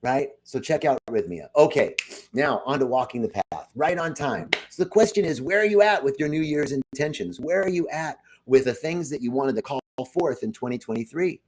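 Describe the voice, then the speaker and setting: A man's voice: medium pitch, moderate pace. A man giving an inspirational spiritual talk on a live stream, telling stories and speaking straight to his viewers. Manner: lively storytelling, addresses viewers directly. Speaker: spiritual speaker at a wellness center.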